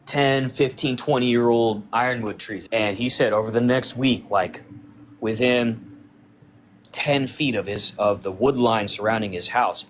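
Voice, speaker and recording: A man's voice: lowish voice, slight background noise. Man casually retelling a spooky story. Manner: retells a friend's encounter, acting out quoted dialogue; loose and conversational, with frequent "like" fillers.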